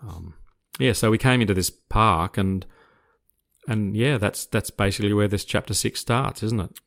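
Speaking at normal speed with vocal fry and a lowish voice, an older retired police officer from Australia tells a story about his career in casual conversation. At first he hesitates and repeats words, then the telling becomes vivid.

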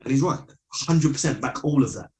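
A man hosting a podcast in easy, casual chat. He tells stories loosely and with energy, and he swears freely. His voice sits at a mid pitch. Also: brisk. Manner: loose, sweary, animated storytelling.

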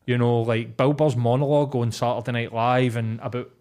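A man's voice: mid-range voice, flat delivery, fairly quick, a little mellow. A Scottish man co-hosting a comedy podcast, talking in a rambling, offhand, sweary way. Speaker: podcast co-host. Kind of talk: casual comedy podcast chat.

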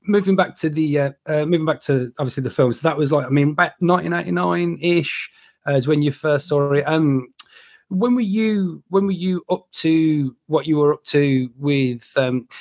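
A man's voice: on the high side, moderate pace, darkish tone. A man hosting a casual podcast, asking questions hesitantly with many restarts. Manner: hesitant, full of fillers and restarts. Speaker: podcast host.

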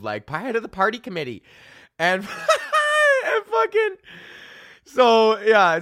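A man with a bright, forceful voice rants through a crude backstage story as a comedy podcast host, swearing freely and laughing as he rambles. His voice sits a bit high for a man. The sound is close and dry, with no room around it. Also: clean tone, no echo. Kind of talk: casual storytelling rant.

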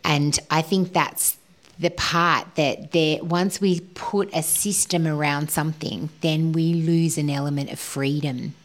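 A woman co-hosting a spiritual podcast, talking in an earnest, flowing way and sometimes dropping to a whisper. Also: low voice. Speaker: podcast co-host.

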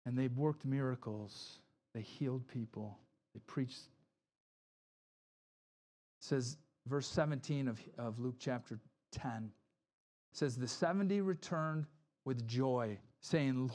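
A pastor preaching a conversational sermon, acting out quoted voices, often asking "right?" and restarting sentences. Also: male voice, mid-range voice, measured pace, darkish tone.

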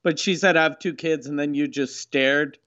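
A man's voice: fairly high pitch, fairly even intonation, normal speed, a bit bright. A man co-hosting a podcast who asks his friend dry, probing questions. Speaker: podcast co-host. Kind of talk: casual podcast banter. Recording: dull lo-fi mic.

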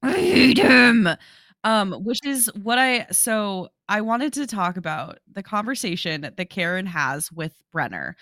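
A woman's voice: mid-range voice, lively intonation, a little slow, few pauses, pushed and bright, no room sound, clean studio sound. A woman co-hosting a podcast in casual chat, laughing often and swearing. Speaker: podcast co-host.

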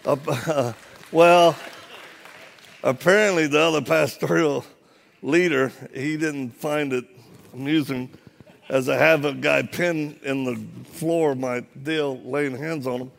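Gravelly guy preaching at church, funny storytelling, acts out all the voices. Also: on the high side, slow. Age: adult, former Marine. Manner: humorous, animated storytelling with acted-out dialogue. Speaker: guest preacher. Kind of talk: storytelling sermon. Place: church, live audience.

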